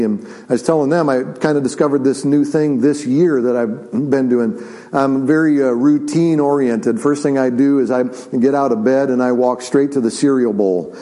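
Mellow-voiced pastor preaching. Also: male voice, medium pitch, poor audio. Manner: conversational with repeated restarts and "right?" asides; drops to slow, quiet, drawn-out delivery for solemn points. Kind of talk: sermon.

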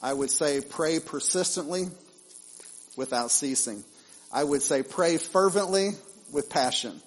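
A male pastor, preaching a sermon in a conversational way, with lively asides and repeated phrases. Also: on the high side, measured pace, rough recording.

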